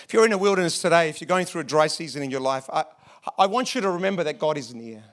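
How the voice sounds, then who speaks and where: A man preaching a sermon to a congregation, often repeating words and dropping to a hush on key phrases. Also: on the high side, expressive, quick pace. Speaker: pastor.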